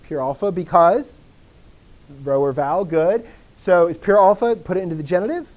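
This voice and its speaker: A man's voice: high-pitched, normal speed, darkish tone, dull audio. A man teaching a language class, keen and chatty, who asks questions and answers them himself. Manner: enthusiastic, self-interrupting, asks and answers his own questions. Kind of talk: classroom lesson.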